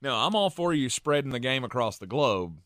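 A man's voice: medium pitch, sing-song, moderate pace, a bit bright, dry recording, clean studio sound. Easygoing male sports host. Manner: easygoing, conversational, stammering restarts. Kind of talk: casual sports talk.

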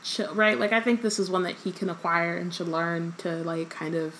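A woman co-hosting a casual book-club podcast, reading passages aloud with lots of ums and breaking into animated asides. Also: lowish voice, normal speed, a little hiss or hum, low-quality recording. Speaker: podcast co-host.

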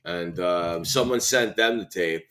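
A man's voice: low voice, unhurried, a bit bright, soft background music. A man co-hosting a podcast, telling rambling, profane stories and acting out what people said. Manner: profane, rambling storyteller who acts out quotes. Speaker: podcast co-host. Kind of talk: crude casual banter.

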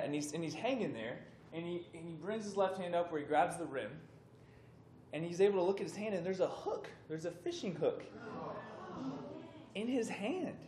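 A young man giving a casual sermon to a youth group. He tells a story with animated, conversational delivery and acts out the voices in it. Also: a little high. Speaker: youth speaker. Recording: echoey room with faint background noise.

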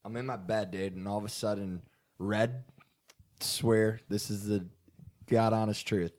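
Young man, low-pitched, rambling story, swears, casual chat. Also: steady tone, a little slow, darkish tone. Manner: rambling, swears often, says dude. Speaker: podcast co-host. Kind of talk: casual storytelling among friends.

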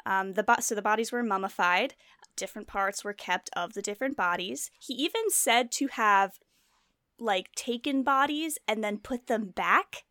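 Woman, casual true-crime storyteller, mid pitch, dry close sound, lots of fillers. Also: normal speed, bright, forceful tone, dry recording. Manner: storytelling with many fillers and asides. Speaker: podcast co-host.

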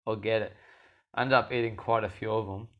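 A man's voice: on the low side, a little fast, highs cut off. Young aussie guy, laid back chat, laughs a lot, does little voices for people in his story. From Australia. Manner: animated, acts out quoted voices, laughs often. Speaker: guest fighter.

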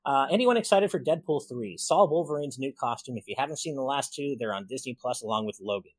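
A podcast host reads super chats on his casual gaming show, thanking supporters by name in an upbeat mood. He speaks fast in an animated, mid-range voice. There's no room sound.

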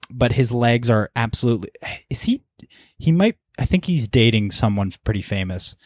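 A man's voice: mid-range voice, sing-song, moderate pace, darkish tone, no echo, clean studio sound. A man hosting a podcast, talking casually and rambling with lots of ums and restarts. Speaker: podcast host. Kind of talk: casual chat.

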